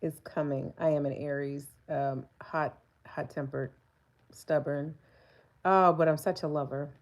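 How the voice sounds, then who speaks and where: A woman's voice: low voice, steady tone, unhurried. Chatty woman in her forties. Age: 40s. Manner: candid and chatty, laughs often, talks back to the chat. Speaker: livestreamer. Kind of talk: casual live-stream chat.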